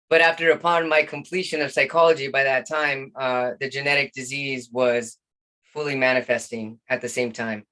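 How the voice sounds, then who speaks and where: A man in his forties, a guest telling a painful personal story in an earnest, halting way with many restarts. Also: mid-range voice, bright, forceful tone.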